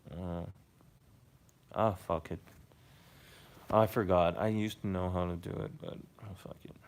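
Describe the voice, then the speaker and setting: Slow, gravelly-voiced man chatting. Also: sits low, steady tone. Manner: rambling, hesitant, laid-back, swears casually. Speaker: live streamer reading chat. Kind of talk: casual live-stream chat.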